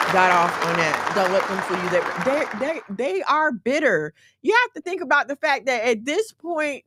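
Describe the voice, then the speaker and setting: A woman's voice: mid-range voice, a bit bright, dry recording, clean studio sound. A woman hosting a casual livestream, giving blunt relationship advice to her viewers and checking in with them as she goes. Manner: emphatic, repeatedly checking in with listeners.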